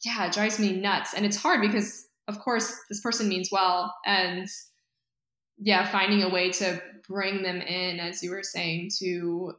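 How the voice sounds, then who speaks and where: A woman's voice: medium pitch, level tone, measured pace, fairly bright tone. A woman chatting casually, agreeing emphatically and talking with enthusiasm. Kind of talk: casual conversation. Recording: echoey room.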